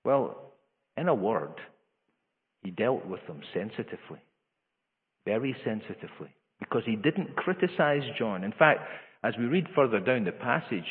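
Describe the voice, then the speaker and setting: A male preacher delivers a sermon with earnest force. His voice climbs in pitch and volume when he stresses a point, and he often restarts his phrases. The sound is tinny, like a phone line, with a long echo from a large hall.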